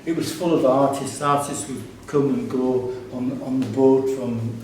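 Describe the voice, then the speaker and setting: A man's voice: mid-range voice, steady tone, measured pace, a little mellow, a little hiss or hum. A man telling anecdotes about his life during a casual gallery talk, rambling with restarts and fillers. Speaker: artist and curator giving a gallery talk. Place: gallery exhibition space. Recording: echoey room from far off.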